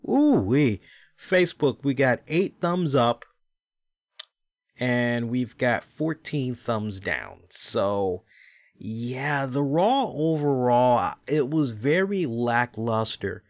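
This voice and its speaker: A man's voice: medium pitch, lively intonation, slow pace. A man hosting a wrestling podcast, ranting casually and profanely, with mocking impressions of the people he talks about. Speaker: podcast host.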